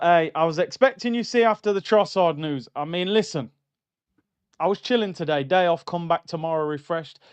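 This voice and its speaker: Animated man on a livestream. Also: high-pitched, clear, resonant tone. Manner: animated, banter-heavy, repeats phrases. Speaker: livestream host. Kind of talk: casual fan livestream talk. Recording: slightly dull lo-fi sound.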